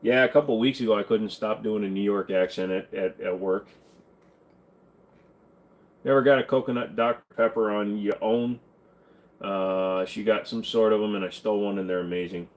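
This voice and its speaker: A man's voice: on the low side, steady tone, normal speed, low-quality recording. Joking man chatting on a livestream. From Minnesota. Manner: joking, offhand, drifts into silly accents. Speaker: livestream host answering chat. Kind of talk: casual livestream chat.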